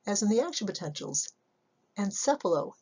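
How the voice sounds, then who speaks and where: A woman psychology instructor giving a recorded slide lecture, measured and explanatory, often asking rhetorical questions. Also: medium pitch, big pitch swings, dark tone, breathy edge, highs cut off.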